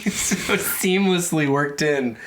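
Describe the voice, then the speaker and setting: A man's voice: fairly high pitch, slow, background noise. A man co-hosting a comedy podcast in casual chat, playful and full of puns. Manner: playful, punning, bursts into song. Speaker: podcast co-host.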